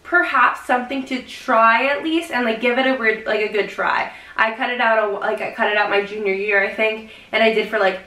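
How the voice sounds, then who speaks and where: A young adult woman chatting casually in a vlog, expressive and full of "like" fillers. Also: on the high side, fairly quick, few pauses, roomy sound, rough recording. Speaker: vlogger.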